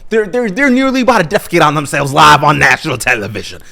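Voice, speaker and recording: A man's voice: medium pitch, wildly swooping pitch, fast talker, vocal fry, hardly any pauses, pushed and bright. A young man giving a casual episode recap, rambling, self-correcting and slangy. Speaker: commentary vlogger.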